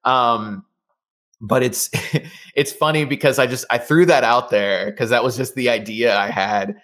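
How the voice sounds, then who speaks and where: Relaxed man chatting in an interview. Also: medium pitch, a little slow. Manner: relaxed, rambling, many fillers and restarts. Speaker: voice actor guest. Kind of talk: casual interview chat.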